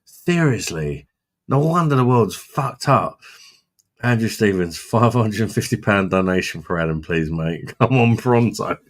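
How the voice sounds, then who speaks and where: A man's voice: on the low side, animated, unhurried. A man hosting a casual live stream, chatting with viewers in a blunt, sweary way and laughing often. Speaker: livestream host reading chat.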